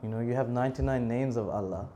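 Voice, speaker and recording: Casting: man in his thirties, animated storyteller in a temple talk, mid-pitched voice, laughs a lot. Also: fast, slight background noise. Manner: animated, laughs often, bursts into shouted prayers. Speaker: monk preacher.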